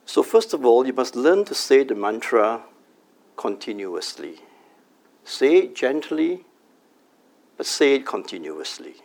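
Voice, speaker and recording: Middle-aged man, meditation teacher type, gravelly voice with fry, calm measured delivery, drawn-out chanting. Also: mid-range voice. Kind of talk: meditation workshop talk. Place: company workshop room.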